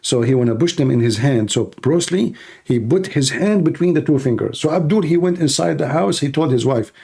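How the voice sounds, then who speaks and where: A man's voice: on the high side, expressive, fairly quick, creaky, dark tone, breathy edge. A man hosting a teasing, joking live-stream cooking chat. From Middle East. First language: Arabic. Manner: teasing, joking, laughing at own jokes.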